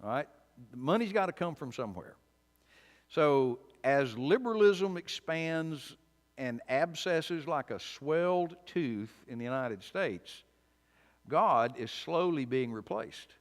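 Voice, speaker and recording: A man's voice: fairly high pitch, animated, slow. Man preaching in a reverberant church. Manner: informal, opinionated, wry, with frequent restarts. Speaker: preacher teaching a Bible study. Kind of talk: conversational sermon. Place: church sanctuary.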